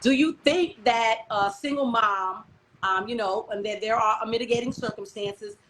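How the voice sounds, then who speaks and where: A woman's voice: on the high side, normal speed, a bit bright. A woman hosting a live-stream talk show, chatting candidly and freely with plenty of "um" and "you know". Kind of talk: casual live-stream chat. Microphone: computer mic on a live video stream. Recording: noisy stream audio.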